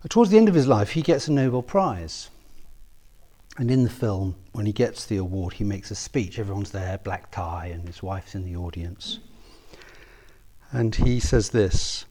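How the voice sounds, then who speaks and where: A man preaching a sermon, earnest and personal, rising to emphatic peaks and dropping to soft, quiet asks. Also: fairly low pitch, expressive, normal speed.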